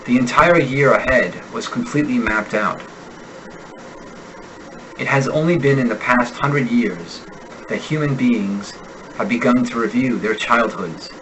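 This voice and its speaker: American male accent coach, mid pitch, careful clear drill reading for a lesson. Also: fairly bright tone, dull audio, a little hiss or hum. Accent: General American. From United States. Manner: slow, deliberate enunciation of sample words. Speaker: accent instructor. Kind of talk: reading example sentences in a pronunciation lesson.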